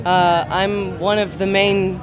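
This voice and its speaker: Slow, halting high-voiced man. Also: little pitch movement, background noise. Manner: halting, hesitant. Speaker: actor. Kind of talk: red carpet interview. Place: outdoor premiere red carpet. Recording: crowd chatter behind.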